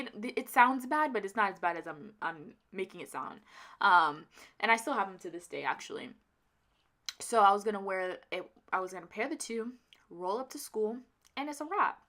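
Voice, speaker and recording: A young woman with a bright, clear voice talks straight to her camera in a loose, rambling vlog. She is emotional and near tears, and she trips over her words and fills gaps with "um" and "like." Her pitch sits right in the middle. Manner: casual, rambling, with many fillers and restarts. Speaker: vlogger. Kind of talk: personal storytelling vlog.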